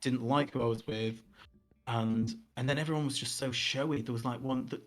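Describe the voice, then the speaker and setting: A man's voice: medium pitch, steady tone, fairly quick. A young man co-hosting a podcast, telling a long, casual story full of fillers and mocking quoted voices. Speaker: podcast co-host.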